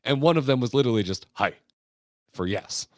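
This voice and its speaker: A man's voice: mid-range voice, expressive, brisk, no room sound, studio quality. An American man from Florida hosting a podcast, telling stories in a rambling, laid-back way, laughing and swearing casually. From Florida, United States. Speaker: podcast host.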